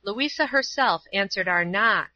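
A woman narrating a storybook in a steady, clear reading voice. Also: mid-range voice, unhurried, no echo. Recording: dull, dry lo-fi recording.

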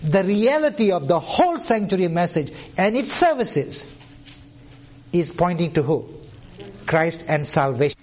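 A man's voice: high-pitched, very animated, a little hiss or hum. A man preaching a sermon, citing scripture references and asking the congregation questions that he answers himself. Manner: reads out scripture references deliberately.

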